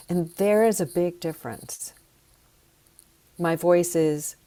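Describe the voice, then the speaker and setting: A woman teaching sound healing, leading slow, soothing breathing and voice exercises. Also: deep voice, mellow.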